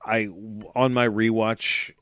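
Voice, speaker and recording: A man's voice: on the low side, slow pace, clean tone, no room sound, studio quality. A man in his forties chatting casually as a podcast co-host, telling stories with acted-out voices and frequent laughs. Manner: animated storyteller, laughs often, acts out voices. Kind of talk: casual chat.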